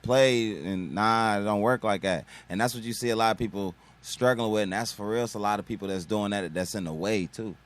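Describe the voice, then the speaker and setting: A man's voice: lowish voice, fairly quick, few pauses. A male comedian from Kentucky, chatting as a guest on a radio show in a slangy, laid-back way, often checking in with "you feel me.". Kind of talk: casual radio interview chat.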